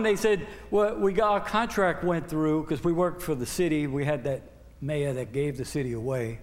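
A man's voice: fairly high pitch, in a large hall. An older man giving a folksy sermon testimony, rambling with stammered restarts and humorous storytelling. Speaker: church speaker giving testimony.

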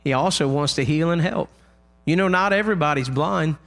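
High-voiced man preaching a sermon. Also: a little fast. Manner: impassioned preaching, cries out quoted lines loudly. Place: church.

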